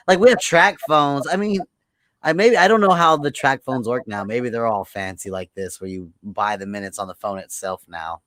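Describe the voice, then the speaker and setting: A man's voice: medium pitch, moderate pace, fairly bright tone, no echo, clean studio sound. A man co-hosting a podcast, musing hesitantly in casual chat. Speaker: podcast co-host.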